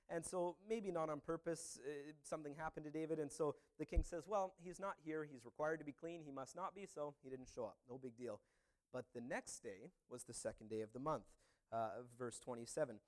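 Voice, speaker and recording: Male pastor giving a casual, conversational sermon; a fairly high voice. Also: a little mellow. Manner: conversational, with frequent "you know" and "uh".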